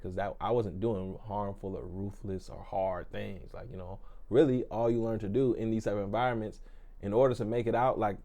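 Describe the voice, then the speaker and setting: Low, mellow-voiced man. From Memphis, Tennessee, US. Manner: relaxed, explanatory, with frequent fillers and asides. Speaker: music reaction host. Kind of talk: casual reaction commentary.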